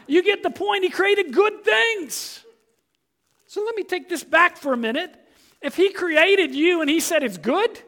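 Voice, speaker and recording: A man's voice: very high voice, pushed and bright. A man preaching a sermon as pastor, emphatic and direct, speaking straight to his congregation with one rhetorical question after another.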